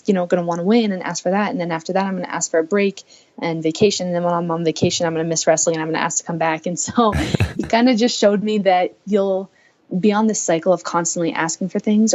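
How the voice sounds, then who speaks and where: A woman's voice: on the low side, darkish tone, dull audio. A woman in her twenties from the United States, telling her own story earnestly as a podcast guest and voicing her past thoughts aloud. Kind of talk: candid personal storytelling.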